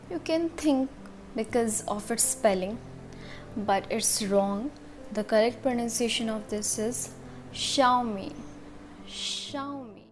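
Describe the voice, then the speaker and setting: A woman explaining how to pronounce words, repeating each one slowly and carefully. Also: medium pitch, darkish tone. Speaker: pronunciation teacher. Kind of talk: instructional video explanation.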